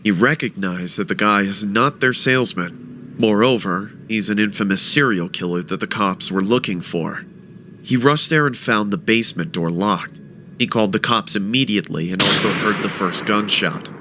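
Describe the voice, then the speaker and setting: A man narrating a first-person horror story with a dramatic, expressive delivery. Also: on the low side, moderate pace, a little hiss or hum.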